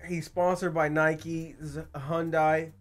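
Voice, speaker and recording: A man's voice: fairly high pitch, little pitch movement, takes it slowly. A young man hosting a casual guessing game with his siblings, joking and swearing as he reads things out. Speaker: youtuber host.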